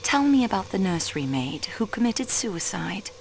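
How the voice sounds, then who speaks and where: A cool persistent detective, expressive voice, polite and pointed. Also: female voice, medium pitch, normal speed, noisy background. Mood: probing. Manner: poised, probing and polite, with French phrases. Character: sharp young female sleuth, cool and persistent. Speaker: railway clerk acting as detective. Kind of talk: video game voice acting.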